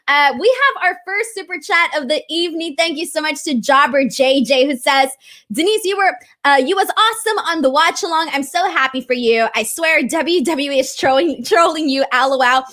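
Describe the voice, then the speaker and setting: A woman's voice: high-pitched, a bit bright. A woman hosting a live stream, talking casually and earnestly, with lots of fillers. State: voice cracking with emotion. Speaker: wrestling show host.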